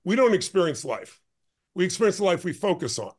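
A man who is a guest on a podcast, telling a story in an intense, emphatic way with quick bursts. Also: high voice, big pitch swings. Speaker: guest, life and business strategist.

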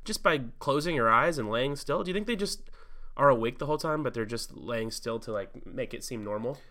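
A man co-hosting a casual comedy podcast, playful and quick to laugh, riffing in jokey rants. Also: medium pitch, lively intonation, sharp tone. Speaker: podcast co-host.

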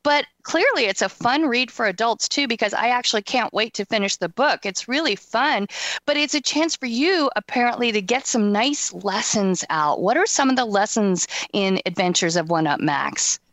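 A woman's voice: fairly high pitch, animated, moderate pace, a bit bright, dry recording. Upbeat woman hosting an interview. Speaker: podcast host. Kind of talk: casual interview chat.

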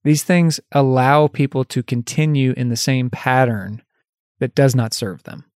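A man in a middle pitch talks through a solo coaching podcast in an unscripted, conversational way. He laughs at himself now and then and brightens when voicing example phrases. The sound is dry and close, with no room around it. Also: fairly even intonation, unhurried, clear, resonant tone, no echo. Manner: lifts his voice when acting out example phrases. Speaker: life coach and podcast host.

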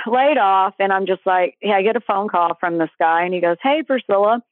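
A woman guest telling personal faith stories in a casual, animated way, acting out what people said. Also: mid-range voice, normal speed, no echo. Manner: animated, acts out quoted voices. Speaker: guest storyteller. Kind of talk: casual testimony storytelling. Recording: tinny phone line, dry.

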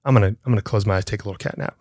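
A man's voice: fairly low pitch, very fast, a little mellow, no room sound, clean studio sound. A middle-aged man hosting a podcast, telling a story in casual chat, laughing often and acting out the voices in it. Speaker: podcast host.

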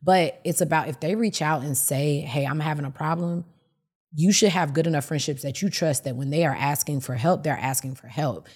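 A woman's voice: low-pitched, moderate pace, a little mellow, breathy edge. A woman hosting a podcast, candidly telling a personal story and acting out quoted lines. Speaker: podcast host. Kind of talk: casual chat.

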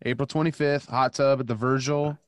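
A man's voice: mid-range voice, fairly even intonation, a little fast, slight background noise. A man speaking as a comedian-musician guest on a podcast, easygoing and brief in his replies. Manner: easygoing, short agreeing replies. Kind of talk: casual chat.

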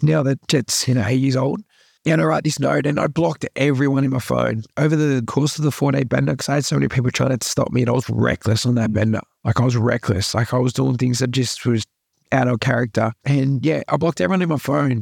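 Gravelly Australian man telling his story. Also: mid-range voice, a little mellow, dry recording, clean studio sound. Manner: earnest, repeats himself, full of likes and rights. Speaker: podcast guest. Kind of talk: candid storytelling.

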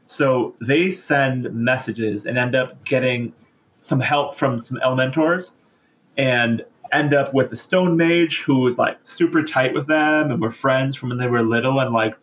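A man on a podcast retelling a story casually, in slangy, animated speech. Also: mid-range voice, moderate pace. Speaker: podcast co-host.

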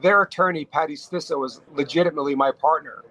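A middle-aged man from New York, a restaurateur telling stories as a podcast guest, talking in quick bursts with frequent restarts. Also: fairly high pitch, low-quality recording. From New York, USA. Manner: animated storyteller, talks fast in bursts with frequent restarts. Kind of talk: casual storytelling interview.

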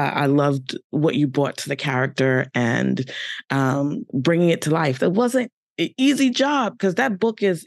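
A woman's voice: low-pitched, creaky, dry recording, studio quality. A woman hosting an interview podcast, chatting casually and praising her guest, with many fillers. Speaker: podcast host.

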